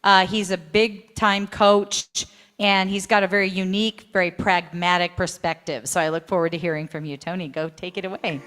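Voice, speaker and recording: A woman's voice: lowish voice, flat delivery, normal speed, fairly bright tone, soft background music. A woman hosts an online summit, introducing speakers in a loose, chatty way full of fillers. Her voice trails off into long reverb. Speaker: event host.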